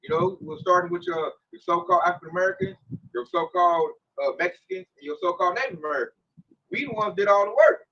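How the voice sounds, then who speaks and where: High bright-voiced guy preaching casual, slangy and punchy, dull muffled sound. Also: fast, recorded from a distance. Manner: slangy, emphatic, animated. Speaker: religious discussion leader. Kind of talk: casual religious commentary.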